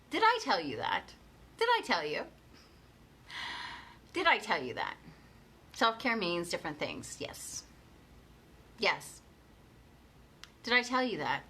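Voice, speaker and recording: A woman's voice: a little high, sharp tone, husky. A young woman coaching viewers live in a chatty way, repeating her questions and answering their comments. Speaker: life coach. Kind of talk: live motivational coaching talk.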